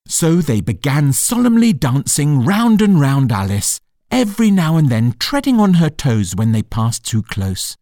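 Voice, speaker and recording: A man narrating a storybook in a gentle, expressive reading. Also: fairly high pitch, no room sound, studio quality. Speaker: audiobook reader.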